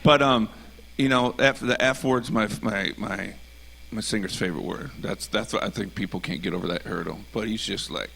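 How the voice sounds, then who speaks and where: Man telling an animated testimony. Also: on the low side, normal speed, creaky, a little hiss or hum. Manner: earnest, animated, acts out quoted voices. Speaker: guest speaker. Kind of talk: casual testimony storytelling. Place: church stage.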